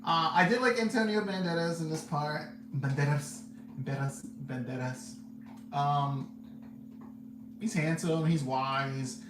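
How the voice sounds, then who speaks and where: A man's voice: a little high, unhurried, over music. A man hosting a podcast, giving casual, candid movie reviews in a rambling way and laughing often. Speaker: podcast host reviewing films. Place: seated indoors. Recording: roomy echo, faint background hum.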